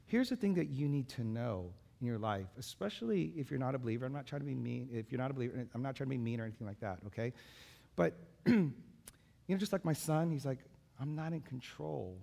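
A man's voice: medium pitch, lively intonation, fast talker, creaky, dark tone. A man, a pastor and father, giving a sermon in a conversational way, with many fillers and repeated phrases.

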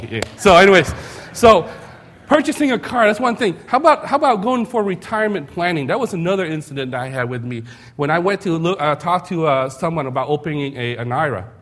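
Male pastor, slightly higher voice, relaxed storytelling sermon, rhetorical questions, self-mocking humor.

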